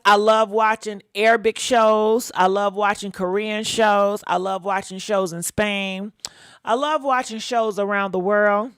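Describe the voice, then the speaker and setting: Woman, livestream host, casual chat, blunt, reads viewer comments, clear voice, dry close mic. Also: fairly high pitch, a bit bright, no room sound.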